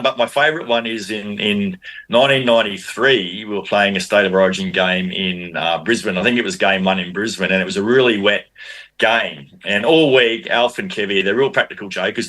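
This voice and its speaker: Low-voiced Australian man telling yarns. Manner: animated anecdotes, frequent restarts. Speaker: podcast guest, former rugby league player. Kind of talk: casual storytelling.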